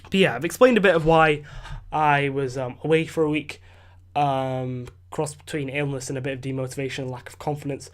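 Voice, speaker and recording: A man's voice: mid-range voice, steady tone, fairly quick. A tired Scottish man hosting a podcast, ranting casually and rambling with many fillers and restarts from home. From Scotland. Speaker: podcast host. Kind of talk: casual solo rant.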